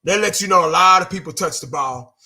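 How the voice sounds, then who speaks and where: A man's voice: high voice, fairly quick, sharp tone. A man giving a casual, blunt fan rant, exasperated, repeating himself and cursing now and then. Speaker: fan vlogger.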